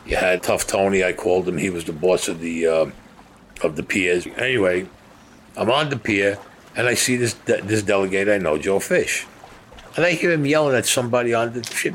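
A man's voice: on the low side, fairly quick, fairly bright tone, slight background noise. A man recounting a personal story in a blunt, profane, street-talk way. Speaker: interviewee.

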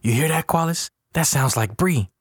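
A man's voice: fairly high pitch, moderate pace, slightly rough, no echo, clean studio sound, voice pushed up. A man voicing a determined young woman who gives urgent orders. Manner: urgent, commanding.

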